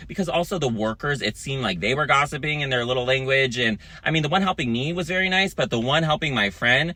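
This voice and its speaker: A man's voice: on the high side, brisk, hardly any pauses, pushed and bright, no echo. A man telling a storytime monologue to camera in a sassy, profane, dramatic way.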